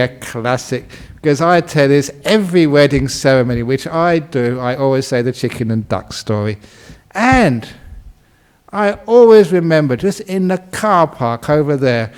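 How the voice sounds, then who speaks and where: Slow, playful monk telling a story. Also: male voice, medium pitch, clean tone. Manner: playful, acts out voices and quacks, laughs at himself. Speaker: Buddhist monk giving a talk. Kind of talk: storytelling dharma talk.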